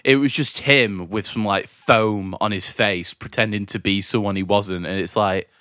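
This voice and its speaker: A man's voice: fairly low pitch, moderate pace, fairly bright tone, no echo, clean studio sound. A man from Britain ranting in casual chat, swearing a lot and laughing often.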